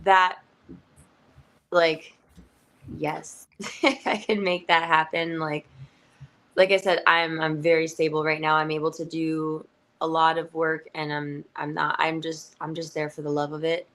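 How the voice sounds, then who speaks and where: A young adult woman pro wrestler, a guest in a casual interview, talking in an animated way with many fillers and frequent laughs. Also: low voice, unhurried, pauses often.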